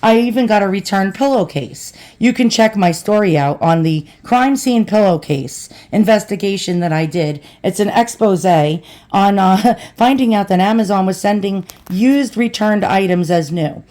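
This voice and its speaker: A talkative woman in her forties chats her way through a home unboxing vlog, rambling from one aside to the next. She talks to her viewers as boys and girls. Her voice sits at an ordinary middle pitch. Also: normal speed, hardly any pauses, mellow. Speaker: vlogger.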